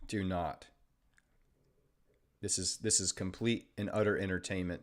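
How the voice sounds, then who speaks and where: A man's voice: sits low, steady tone, measured pace. A man hosting a trading livestream, chatting casually and sarcastically with viewers and reading out their comments. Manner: joking, sarcastic, reads chat aloud. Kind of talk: casual live-stream chat with viewers.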